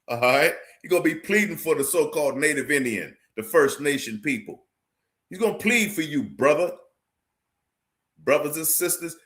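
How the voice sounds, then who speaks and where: A man delivers a livestream sermon in a medium-pitched voice. He is forceful and repetitive, quotes scripture, and keeps turning to his viewers to ask whether they understand. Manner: forceful, preachy, repeats phrases, quotes scripture; addresses viewers directly, asks "you understand?". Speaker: street preacher teaching a class.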